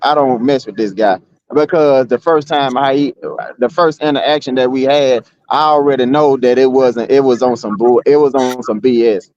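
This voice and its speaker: A man's voice: medium pitch, muffled recording. A man in a casual streamed argument, rambling and repeating himself with blunt street talk. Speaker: guest.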